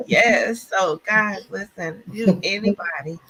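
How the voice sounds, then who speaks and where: A woman hosting a podcast live online, talking in an excited, churchy, casual way, often laughing and saying y'all. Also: mid-range voice, takes it slowly, few pauses, a crowd in the background. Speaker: podcast host. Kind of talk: casual live-stream chat.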